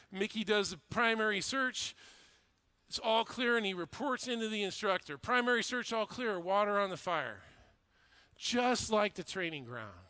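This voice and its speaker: Middle-aged male fire officer, high bright voice, clear and crisp, earnest storytelling speech. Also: no room sound. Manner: earnest, emphatic retelling with repeated phrases.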